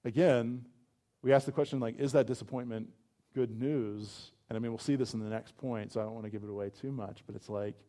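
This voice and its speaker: With a medium-pitched voice moving a little fast, a man preaches a sermon as pastor. He keeps it conversational, says "like" a lot, and drives his points home with animated emphasis.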